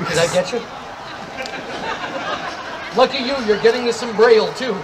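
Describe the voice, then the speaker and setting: High-voiced man joking on a festival stage. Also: noisy background. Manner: rapid tongue-twisting wordplay, loud stage delivery. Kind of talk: stand-up storytelling to a live crowd. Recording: crowd and loud festival background.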